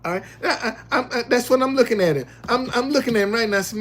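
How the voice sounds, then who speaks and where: A man's voice: fast, a little hiss or hum. An older man streaming live, retelling a confrontation with heavy profanity and repetition, then chatting with viewers. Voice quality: profane, emphatic storytelling with repetitions. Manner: animated, loud retelling, drops low when reading chat. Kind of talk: casual live stream talk.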